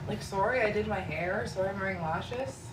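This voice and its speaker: A woman's voice: mid-range voice, moderate pace, very noisy. Chatty young woman, far-off echoey mic. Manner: gossipy, fills speech with "like". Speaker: podcast host. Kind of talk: casual storytelling chat.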